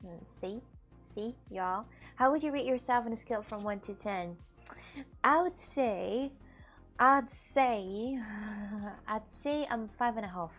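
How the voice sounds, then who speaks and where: A young woman with a somewhat high voice chats casually on a home live stream, laughing easily and swearing without a second thought. Soft music plays faintly behind her. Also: slow, pauses often. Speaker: live streamer reading chat.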